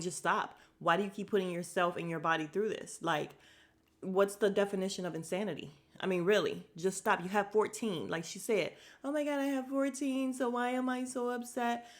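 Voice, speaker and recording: A woman recapping a reality show on her podcast, blunt and opinionated, with sarcastic asides and exasperated commentary. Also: lowish voice. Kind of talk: casual chat.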